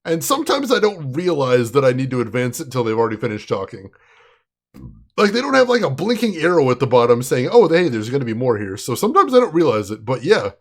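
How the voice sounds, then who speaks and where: A game streamer plays through an old adventure game, chatting casually with viewers in let's play commentary and getting amused by the jokes. His medium-pitched voice is very animated and quick.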